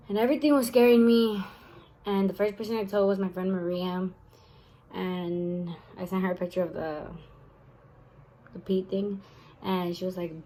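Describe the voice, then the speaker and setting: A woman's voice: lowish voice, fairly even intonation, fairly quick, long pauses, mellow, rough recording. A young woman telling a personal story in a casual vlog, tired-sounding and full of fillers and swearing. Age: young adult. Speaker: vlogger.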